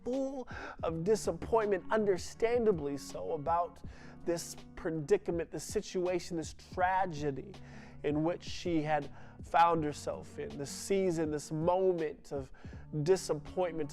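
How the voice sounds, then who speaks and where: A man preaching a sermon with an emphatic delivery, his voice sitting a little high. He circles back on his words with repeated restarts. Soft music plays underneath. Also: measured pace. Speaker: pastor.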